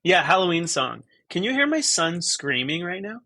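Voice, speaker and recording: Bright-voiced man rambling casually. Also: high-pitched, big pitch swings, normal speed, no room sound. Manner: rambling, stop-start, self-deprecating. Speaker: podcast guest, musician. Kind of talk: casual conversation.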